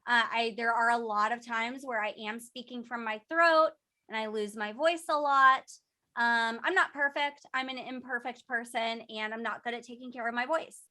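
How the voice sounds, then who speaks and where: Bubbly high-voiced young woman. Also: steady tone, moderate pace, pushed and bright. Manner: bubbly, emotional, talks with lots of "like". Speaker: voice actress and singer. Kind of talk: casual interview answers.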